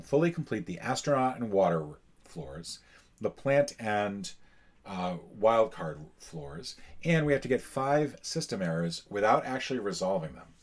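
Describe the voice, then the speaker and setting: Husky low-voiced man explaining a board game. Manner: relaxed, full of "uh" fillers, explaining as he goes. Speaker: board game channel host. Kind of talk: casual solo game playthrough.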